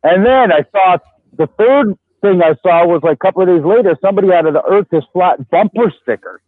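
A man with a slightly higher voice tells stories in a casual podcast chat, bringing the people he quotes to life. His sound is thin and phone-like. The recording is dry, with no room sound. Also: a little fast, no room sound. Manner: animated storyteller, acts out quoted dialogue. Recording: tinny phone-like line.

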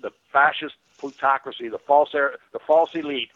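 A man's voice: mid-range voice, steady tone, normal speed, a bit bright, no echo, highs cut off. An American man calling in to a radio talk show, rambling with many restarts and fillers. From United States. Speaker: caller. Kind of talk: call-in radio rant.

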